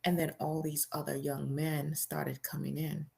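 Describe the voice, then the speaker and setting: A woman's voice: low-pitched, flat delivery, measured pace, creaky, few pauses, darkish tone. A woman hosting a show, reading a memoir aloud in the first person in a plain, conversational storytelling way with casual fillers.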